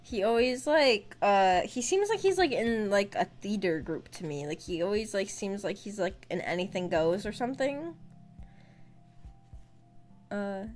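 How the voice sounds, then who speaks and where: A woman's voice: mid-range voice, expressive, a little slow, darkish tone. Woman, streamer, casual book chat, giggly, chatty, faint music behind.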